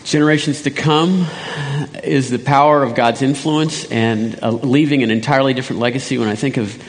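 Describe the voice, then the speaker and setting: A man delivering a sermon in a church hall, reading scripture with lively emphasis. His voice sits at a middle pitch and rings out with a long hall reverb. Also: a little fast, a little hiss or hum. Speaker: pastor. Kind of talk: sermon with testimony interview.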